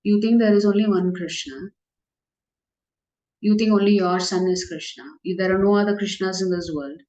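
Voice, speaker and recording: A woman's voice: mid-range voice, measured pace, reverberant, lo-fi sound, lightly acted. A woman voicing a group of cowherd girls who tease and defy a worried mother. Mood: defiant. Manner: teasing, insistent.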